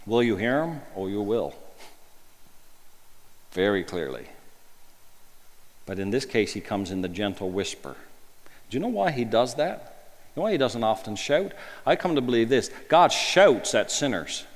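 A man delivers a sermon in a middle-pitched voice. He talks to the congregation conversationally and keeps asking rhetorical questions. He moves between emphatic bursts and quiet, hushed lines. His voice carries a long reverb, as in a large church hall. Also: sing-song, a little slow, long pauses. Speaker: preacher.

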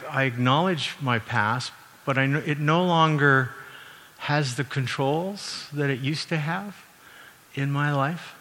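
A middle-aged man from Canada preaching a sermon in a relaxed, conversational way, with frequent fillers and self-corrections. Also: medium pitch. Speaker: university president and former minister. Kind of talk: sermon with personal anecdotes. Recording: long reverb from a large hall.

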